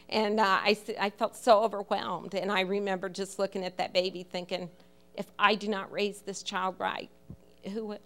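A middle-aged woman telling a personal testimony at church, storytelling with feeling and quoting the people she speaks of. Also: medium pitch. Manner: emotional storytelling, quotes others in dialogue. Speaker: church member giving a testimony.

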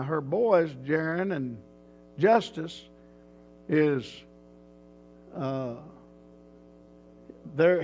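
A man who is a pastor, telling a folksy, rambling story in a casual way and chuckling often. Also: on the high side.

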